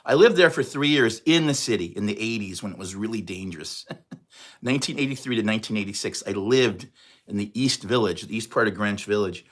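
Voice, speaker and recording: A man in his sixties with a New York accent, chatting casually and fast on a livestream. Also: lowish voice, a bit bright. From New York area, USA. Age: 60s. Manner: fast, chatty, reads out viewer comments. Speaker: livestream host.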